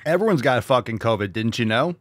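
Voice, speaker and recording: A man's voice: mid-range voice, animated, fairly quick, dry recording. Sarcastic guy reacting to clips, cusses a lot, dry close sound. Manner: profane, blunt, sarcastic. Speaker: show host. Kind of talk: casual reaction commentary.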